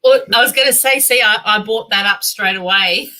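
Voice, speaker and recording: A radio co-host chatting casually, laughing often and agreeing warmly. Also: mid-range voice, fairly quick. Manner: giggly, agreeable. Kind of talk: casual chat.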